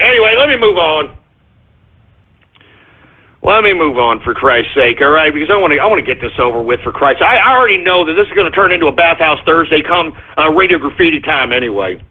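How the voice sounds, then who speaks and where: A man's voice: high voice, husky. Profane, ranting talk-radio host man. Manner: loud, profane, indignant ranting with repeated catchphrases. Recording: phone-like lo-fi radio audio.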